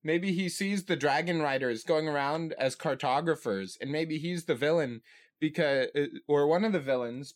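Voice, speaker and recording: A man co-hosting a podcast in casual chat, thinking aloud and often checking in with "right?". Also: medium pitch. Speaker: podcast co-host.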